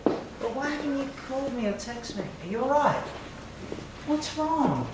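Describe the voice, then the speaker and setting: A man's voice: very high-pitched, very animated, measured pace, very noisy. Soothing man, echoey room. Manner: comforting, soothing, stammers. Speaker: father. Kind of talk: candid reality TV chat.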